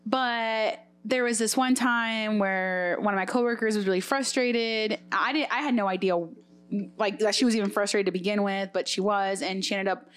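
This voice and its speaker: A woman's voice: mid-range voice, steady tone, moderate pace, clear, resonant tone. A young woman co-hosting a casual podcast, telling stories in a chatty way, full of "like". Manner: chatty storyteller, many "like" fillers. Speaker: podcast co-host.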